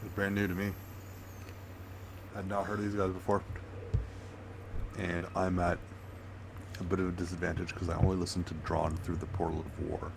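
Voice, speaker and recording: A man co-hosting a podcast, giving measured, thoughtful opinions. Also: sits low, flat delivery, gravelly, background noise. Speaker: podcast co-host. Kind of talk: casual chat.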